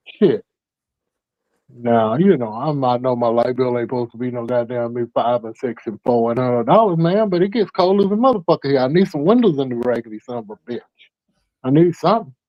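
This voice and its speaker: A man's voice: medium pitch, fairly quick, dry recording, dull audio. A man on a call-in talk show telling a long story in a heated, profane, rambling way. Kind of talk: casual call-in chat.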